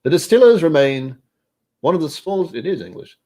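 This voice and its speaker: A whisky label read out in a clumsy mock Scottish brogue, put on by a man. The accent keeps drifting toward English. It sits noticeably higher than the reader's usual low voice. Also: big pitch swings, fast talker, mellow. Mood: mock-grand.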